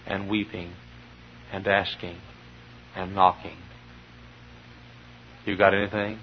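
Fervent preacher man with a gravelly voice. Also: a little hiss or hum. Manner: fervent preaching that swings from low murmurs to shouted peaks. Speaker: pastor. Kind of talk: sermon. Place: church sanctuary. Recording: dull lo-fi sermon recording.

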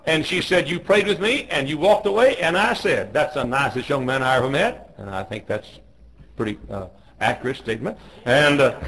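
A male pastor with a gravelly, slightly high voice tells a sermon story in a folksy, homespun manner. He restarts phrases and clears his throat as he goes. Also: lively intonation, moderate pace, a bit bright, poor audio.

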